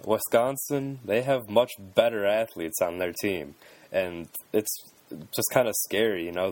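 A man's voice: on the low side, no room sound. A man co-hosting a podcast, talking sports casually and hesitantly, with many fillers and restarts. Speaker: podcast co-host.

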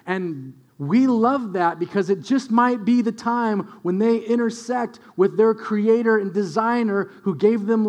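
A young adult man, a pastor, preaching a sermon with animated storytelling and quiet, earnest stretches. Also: high-pitched.

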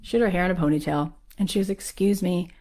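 A woman's voice: fairly low pitch, very fast, darkish tone. A woman telling a personal story in a casual, chatty way, full of "like" and acted-out quotes of other people. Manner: chatty, peppered with "like"; acts out the people she quotes. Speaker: guest sharing a personal story.

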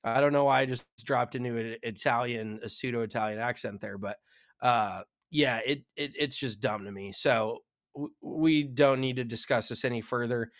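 A man's voice: mid-range voice, moderate pace, a bit bright, no echo, clean studio sound. A man co-hosting a golf podcast, talking frankly and casually, with some swearing and self-mockery. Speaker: podcast co-host.

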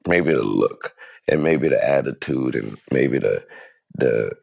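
Male interview guest, very low and gravelly voice, rambling, casual. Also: lively intonation, measured pace, dry recording, lo-fi sound. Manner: loose, rambling delivery with many restarts and fillers.

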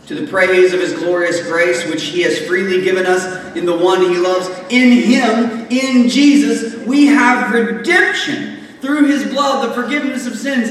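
A man's voice: high voice, unhurried, few pauses. A man preaching a sermon in a conversational way, joking and making asides as he explains scripture. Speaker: pastor. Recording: echoey hall, distant mic, faint room noise.

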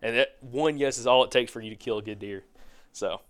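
A man's voice: medium pitch, brisk. A man on a hunting podcast telling a long casual story, rambling with many fillers and restarts. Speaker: podcast co-host.

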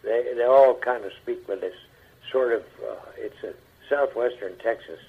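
Husky older man on radio. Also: mid-range voice. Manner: halting, repeats words, chuckles at his own stories. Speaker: actor as guest. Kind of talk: anecdotal interview talk. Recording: dull lo-fi radio broadcast.

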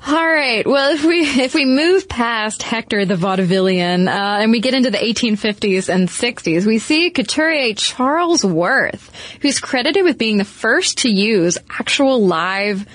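A woman's voice: a little high, animated, measured pace, a bit bright, no room sound. A woman co-hosting a podcast in casual chat, wry and conversational with playful emphasis. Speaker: podcast co-host.

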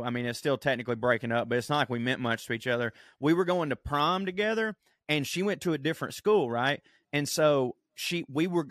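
A man co-hosting a podcast, telling profane, animated stories in casual chat and acting out the quotes. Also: a little high, no echo, studio quality. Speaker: podcast co-host.

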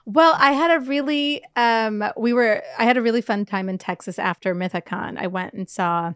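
A woman's voice: a little high, normal speed, fairly bright tone, clear, resonant tone, no echo, clean studio sound. A young adult woman co-hosting a podcast, telling a rambling story in casual chat and swearing freely. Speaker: podcast co-host.

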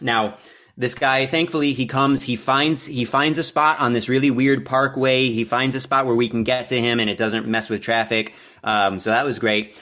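A young man telling a long story on a casual podcast, easygoing and unpolished. He swears freely and sounds exasperated with himself. His pitch sits right in the middle for a man. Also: fairly even intonation, moderate pace, pushed and bright. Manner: profane, self-deprecating, exasperated. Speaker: podcast co-host.

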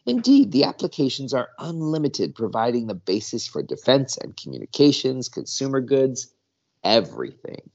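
A man's voice: mid-range voice, very animated, normal speed, a little mellow, lo-fi sound, voice pushed up. A man voicing a cold, clinical alien that treats others as objects, speaking in a detached, formal way. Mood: coolly curious. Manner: detached, formal, matter-of-fact.

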